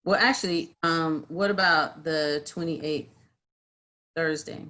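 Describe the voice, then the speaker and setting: Woman mediator co-hosting a livestream: animated storyteller, lowish pitch, bright and forceful tone, video call. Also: takes it slowly. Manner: animated storyteller, acts out quotes, many fillers. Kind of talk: casual conversational chat.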